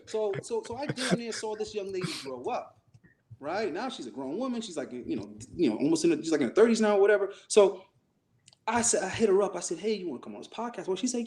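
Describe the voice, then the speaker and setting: A man's voice: high voice, expressive, fast, a little mellow. A man co-hosting a podcast, telling a story in casual chat, acting out the voices he quotes and swearing freely. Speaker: podcast co-host.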